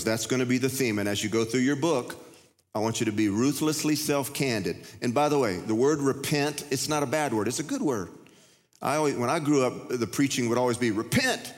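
A pastor in his fifties preaches in a folksy, conversational way, circling back and restarting his phrases. His voice sits at an everyday middle pitch for a man. Long reverb from a large church hall trails his words. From United States. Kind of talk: sermon. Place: church sanctuary.

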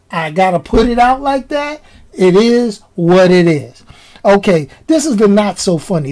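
Emphatic woman vlogger, slangy, repeats herself for punch, mid-pitched casual rant. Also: low-quality recording. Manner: emphatic, repeats key lines, slangy and animated.

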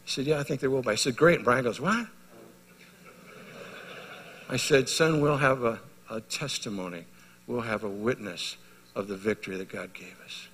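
A middle-aged male pastor preaching a sermon, telling a story and moving from hushed to loud and emphatic. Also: mid-range voice, normal speed, long pauses, husky. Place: church hall. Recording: reverberant church hall.

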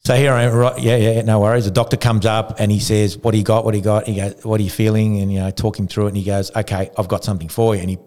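A man from Argentina with a low voice recounts a race story on a podcast. He talks casually, restarts his sentences and acts out what others said along the way. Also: fast, few pauses. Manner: animated storyteller who acts out quotes, frequent restarts. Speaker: guest, retired pro cyclist.

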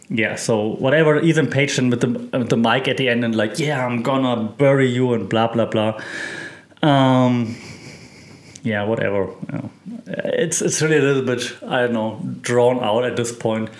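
A man talks through a weekly recap in a relaxed, unscripted way. His voice sits at an ordinary middle pitch. He wanders through his points with frequent fillers and self-corrections. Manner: relaxed, rambling, many fillers and restarts. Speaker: host. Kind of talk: casual recap chat.

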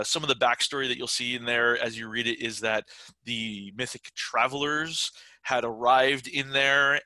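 Bright, rambling middle-aged man. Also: medium pitch, no room sound, poor audio. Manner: rambling, chatty, full of fillers and restarts. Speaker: podcast guest, writer and game developer. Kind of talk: casual interview chat.

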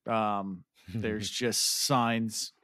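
A man's voice: on the low side, steady tone, extremely slow, fairly bright tone, no echo, clean studio sound. A man co-hosting a podcast, chatting in a loose, rambling way with lots of fillers. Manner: rambling, full of "like" and "um". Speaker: podcast co-host. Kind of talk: casual chat.

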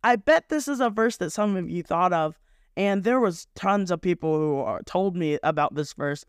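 Earnest high-voiced young man podcaster. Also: moderate pace, clean tone, dry recording, clean studio sound. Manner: rambling, self-correcting, earnest. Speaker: podcast host. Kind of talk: casual devotional podcast talk.

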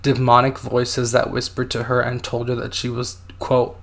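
A man's voice: medium pitch, monotone, moderate pace, gravelly, fairly bright tone. Man, podcast storyteller, hesitant, filler-heavy, reads quotes aloud. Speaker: podcast co-host telling a story. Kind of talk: casual storytelling podcast chat.

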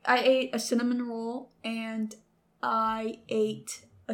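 A young woman co-hosting a podcast from a bedroom chats casually, giggling and rambling. Her voice is fairly high and level in tone, and she speaks slowly.

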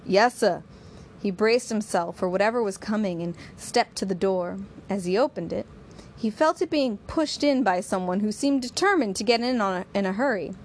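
A woman narrating a novel in steady, measured storytelling. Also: mid-range voice, slight background noise.

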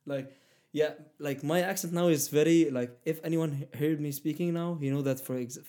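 A young man with a Middle Eastern accent speaks in a relaxed, conversational way. He often pauses on fillers and restarts his sentences. English is not his first language. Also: fairly high pitch. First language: Arabic. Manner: hesitant, many fillers and restarts. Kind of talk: casual conversation.

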